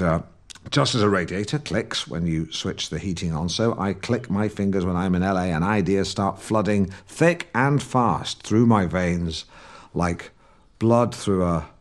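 Smug, pedantic English broadcaster, lowish voice, rambling podcast monologue. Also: male voice, unhurried. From England. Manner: pedantic, rambling, self-satisfied. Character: pompous self-important middle-aged English broadcaster. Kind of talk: scripted comedy monologue.

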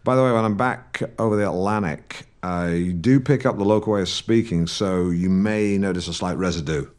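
A man's voice: low voice, normal speed, darkish tone, clear, resonant tone, close to an everyday voice. A man playing a pompous, awkward middle-aged broadcaster who hosts a podcast, rambling and stumbling over his words in a comic monologue. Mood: self-satisfied. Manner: pompous and rambling, full of hesitations and restarts. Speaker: podcast host. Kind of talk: scripted comedic character monologue.

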